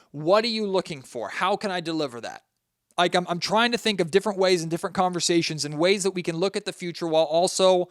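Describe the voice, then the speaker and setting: A man's voice: high voice, fairly bright tone, clean tone, no echo, clean studio sound. A man hosting a solo sports podcast, venting his frustration and talking straight to his listeners. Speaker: podcast host.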